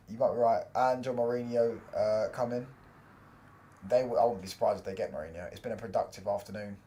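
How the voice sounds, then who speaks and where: A man's voice: fairly low pitch, dark tone. A young man hosting a live football watchalong stream, chatting in casual slangy banter and reacting to the match and viewers' messages.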